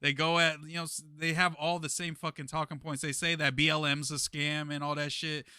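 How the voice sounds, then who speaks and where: A young man in a casual podcast chat, animated and slangy, forever saying "bro". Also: a little high, brisk, smooth, no echo, clean studio sound. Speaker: podcast co-host.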